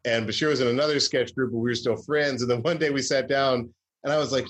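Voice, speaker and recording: A man's voice: mid-range voice, fairly even intonation, fast talker, fairly bright tone. Rambling man from the American South. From Southern US, Georgia. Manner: rambling, self-correcting, wry storytelling. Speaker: comedy writer guest. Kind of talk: casual interview chat.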